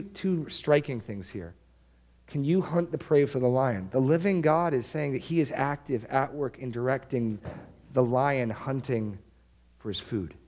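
A man preaching a sermon in a medium-pitched voice. He drops to quiet, low-key phrases and then climbs into emphatic, excited bursts. He repeats words as he drives home a point. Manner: preaching with swings from hushed to emphatic. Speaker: pastor.

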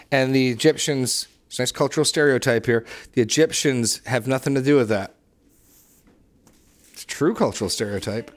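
A man leading a Bible study discussion, enthusiastic and emphatic, often restarting and repeating words as he teaches. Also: medium pitch. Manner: emphatic when stressing scripture phrases.

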